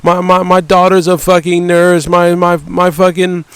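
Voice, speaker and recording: A man's voice: high-pitched, level tone, measured pace, fairly bright tone, smooth, pitched above the performer's own voice. A man mockingly putting on the voice of a boastful parent who stammers and swears while showing off about their children.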